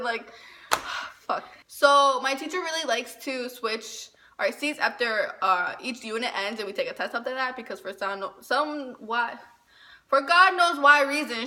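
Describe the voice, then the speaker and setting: A woman's voice: fairly high pitch, sharp tone. A young woman casually telling a personal story on her vlog, giggly and nervous, swearing often and acting out her own reactions. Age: young adult. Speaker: vlogger.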